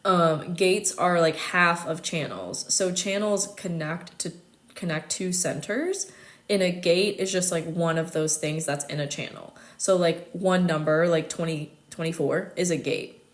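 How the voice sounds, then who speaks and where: Chatty American woman, lowish voice. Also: unhurried. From United States. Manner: chatty, many fillers, laughs often. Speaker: host. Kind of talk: casual livestream chat.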